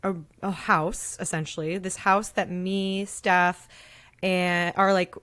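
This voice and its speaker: A woman's voice: fairly low pitch, little pitch movement, slow pace, a bit bright, no room sound. A woman co-hosting a podcast, talking casually with an upbeat, rambling manner. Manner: upbeat, rambling, many fillers and restarts. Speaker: podcast co-host. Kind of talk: casual chat.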